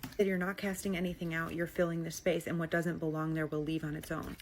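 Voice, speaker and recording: A woman's voice: low-pitched, flat delivery, fast talker, a little hiss or hum. A woman telling viewer-submitted stories in a casual, conversational way, often saying "like" as she goes. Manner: chatty, conversational, with frequent "like" and "he's like". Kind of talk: casual storytelling to camera.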